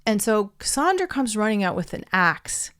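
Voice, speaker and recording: A woman's voice: medium pitch, very animated, moderate pace, a bit bright, smooth. A woman casually retelling an old myth and reflecting on why stories matter, in a thoughtful way. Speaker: storyteller. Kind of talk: reflective storytelling monologue.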